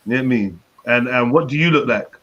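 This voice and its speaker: A man's voice: mid-range voice, quick pace, a bit bright. A man hosting a livestream, chatting casually, teasing and swearing as he laughs with a friend. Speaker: livestream host. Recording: dull lo-fi stream audio.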